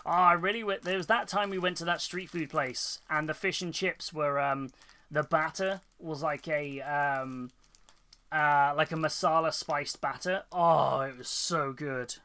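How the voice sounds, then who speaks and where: A man's voice: fairly high pitch, fairly even intonation, measured pace, sharp tone. A British man chatting casually on a live stream while painting miniatures, rambling and laughing often. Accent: British English. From United Kingdom.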